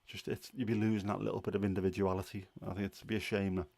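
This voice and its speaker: A man's voice: low-pitched, level tone, fast, vocal fry, darkish tone, dry recording. A man hosting a casual livestream, chatty and opinionated, rambling with fillers. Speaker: livestream host.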